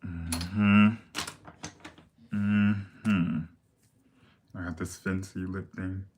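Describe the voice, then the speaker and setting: A man's voice: deep voice, little pitch movement, very slow, a little mellow, slight background noise. A man hosting a makeup livestream, answering viewer questions in blunt, sassy casual chat.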